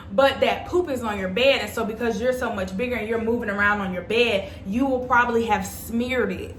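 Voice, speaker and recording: A woman's voice: medium pitch, a bit bright, reverberant, slight background noise. A young adult woman telling a personal story to her viewers in a chatty, dramatic way. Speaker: vlogger. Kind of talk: storytime vlog.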